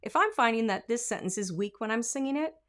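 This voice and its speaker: A woman's voice: on the high side, expressive, quick pace, fairly bright tone. A woman vocal coach giving a singing lesson, explaining technique and breaking into short sung and spoken examples.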